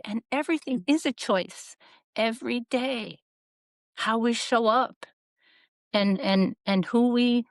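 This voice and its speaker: A woman's voice: a little high, unhurried, no room sound. Earnest woman telling her life story. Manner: earnest, reflective, acts out quoted voices. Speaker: podcast guest. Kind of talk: candid personal storytelling.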